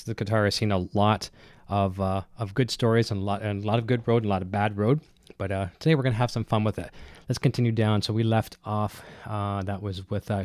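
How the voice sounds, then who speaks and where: Here's a man with a cold, heavy-breathed, casually chatting on a guitar gear livestream from home and reading out viewer comments. His pitch sits fairly low with a slightly mellow quality, and his talk wanders, full of fillers and restarts. A close-up dynamic broadcast mic gives a sound free of room ambience.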